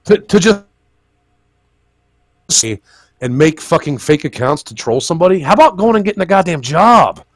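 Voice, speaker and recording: A man's voice: fairly high pitch, animated, moderate pace, pauses often, no room sound, clean studio sound. A man hosting a casual live podcast, profane and ranting as he talks. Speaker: podcast host.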